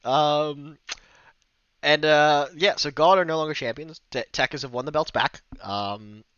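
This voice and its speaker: A man's voice: on the high side, unhurried, fairly bright tone, smooth, no echo, lo-fi sound. An Australian man hosting a casual podcast chat, joking, swearing freely and laughing often. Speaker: podcast host.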